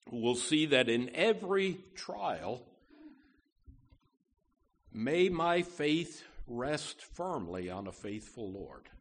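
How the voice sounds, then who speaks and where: A man preaching a sermon as pastor of his church, emphatic and deliberate, with frequent "you know" asides. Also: medium pitch.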